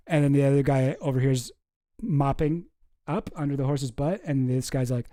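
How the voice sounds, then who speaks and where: A man's voice: on the high side, normal speed, mellow, no echo, clean studio sound. A man hosting a casual comedy commentary, reading cartoon captions aloud in a wry, rambling way and slipping into silly voices. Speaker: host.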